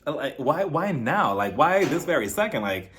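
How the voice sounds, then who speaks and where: A man's voice: on the high side, moderate pace. A man recapping a reality TV episode in a casual, sassy way, full of mocking asides. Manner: animated and sassy, with mocking impressions.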